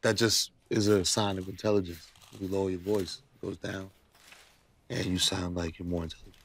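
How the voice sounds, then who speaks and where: A man doing a smug conspiracy-theorist ballplayer. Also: close to an everyday voice. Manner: mock-lofty, deliberately lowering his voice to sound smart. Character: smug, conspiracy-minded male pro basketball star. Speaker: comedy show host. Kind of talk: comedy sketch impression.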